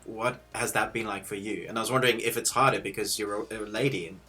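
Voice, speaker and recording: Bright-toned low male interviewer. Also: fairly even intonation, faint music behind. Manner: halting questions with uh fillers. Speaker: interview host. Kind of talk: casual interview questions.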